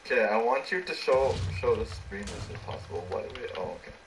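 A young man gaming with friends in a voice chat, excitable and quick to shout out cheers when something goes his way. His voice sits in a mid range with a faint noisy hiss behind it. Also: medium pitch. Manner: excitable, bursts into loud cheers and laughs. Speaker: gaming teammate. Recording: faint background noise.

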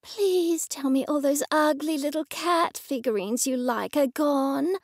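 A woman's voice: high-pitched, a little slow, no echo, clean studio sound, voice pushed up. A woman reading an audiobook, voicing a rude grown daughter with a contemptuous manner.

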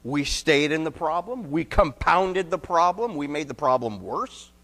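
A male pastor preaching an expository sermon, telling stories and acting out quotes, then dropping to quiet emphasis. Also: on the high side, unhurried. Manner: animated storyteller, acts out quotes, drops to quiet emphasis.

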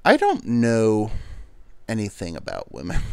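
A man's voice: lowish voice, wildly swooping pitch, slow, creaky, darkish tone, clean tone, no room sound. A man hosting a podcast, talking in a rambling, self-deprecating comic monologue. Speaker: podcast host. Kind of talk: casual comedic monologue.

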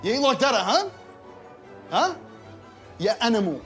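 An Australian man playing a rude, foul-mouthed young fast-food worker who snaps sarcastic insults at customers in a comedy sketch. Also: very high-pitched, big pitch swings, music in the background. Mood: insulting.

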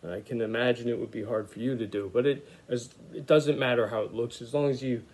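Fairly quick and mid-range, a man's voice walks kids through an art lesson as he letters, sounding out words for young readers. His manner is easygoing, full of thinking aloud and frequent "uh" and "okay."

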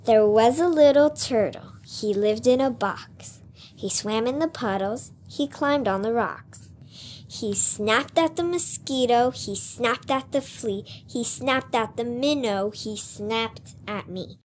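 A young woman hosting a children's show, reciting a nursery rhyme in a bright, upbeat way. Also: on the high side, slow, a little hiss or hum.

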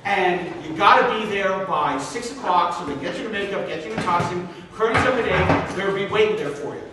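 A man teaching a master class, telling a long joke in an animated, joking way. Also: high voice, fairly quick, noisy background. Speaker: guest instructor. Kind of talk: storytelling and lecture. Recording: echoey room, distant mic.

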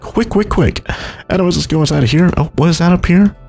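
Racing along with vocal fry and a darkish tone, a young man narrates his Minecraft let's play against faint music. The gaming YouTuber rambles and chuckles, swinging from low mumbles to high exclaims.

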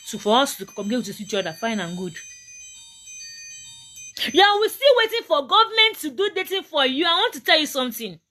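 Emphatic high-voiced Nigerian woman. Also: big pitch swings, brisk, pushed and bright, soft background music. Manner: emphatic and preachy, repeats her points. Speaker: motivational vlogger. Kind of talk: motivational talk to camera.

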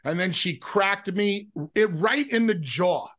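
Brash, teasing male guest, high bright voice. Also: animated, measured pace. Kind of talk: casual chat over drinks.

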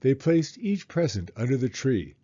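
A man reading a children's storybook aloud in an expressive, animated way. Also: mid-range voice, moderate pace, muffled recording. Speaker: children's book reader.

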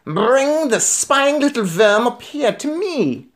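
A man reading a storybook aloud, voicing a vicious old female witch leader in a shrill, screeching voice as she barks commands. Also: sing-song, slow pace, heavily acted. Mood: commanding. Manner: barking commands.

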